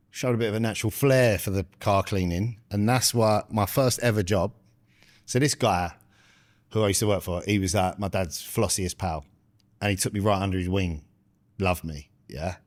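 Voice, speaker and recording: A man's voice: fairly low pitch, moderate pace, no echo. A British man co-hosting a podcast, telling a rambling, chatty anecdote in casual conversation. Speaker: podcast co-host. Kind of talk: casual chat.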